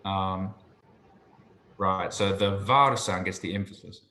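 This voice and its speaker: A man's voice: sits low, steady tone, takes it slowly, pushed and bright, reverberant. A man tutoring basic biblical Hebrew one-on-one, explaining patiently and checking that his student follows. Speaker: Hebrew teacher.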